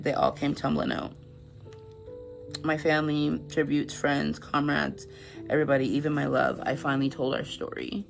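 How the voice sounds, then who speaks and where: A woman's voice: low voice, fairly even intonation, normal speed, vocal fry, pauses often, faint music behind. A woman reading passages of a novel aloud to camera, stumbling over words now and then, and chatting about the book with effusive feeling. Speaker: book reviewer.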